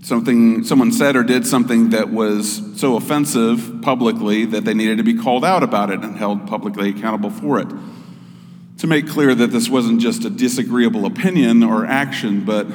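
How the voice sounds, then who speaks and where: A man giving a sermon as pastor, in a measured, explanatory way. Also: medium pitch, darkish tone, in a large hall.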